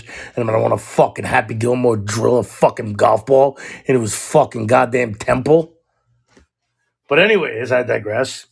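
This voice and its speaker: A man co-hosting a podcast, telling a story in a casual, animated, profane way and mimicking other people. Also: mid-range voice, creaky. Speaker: podcast co-host.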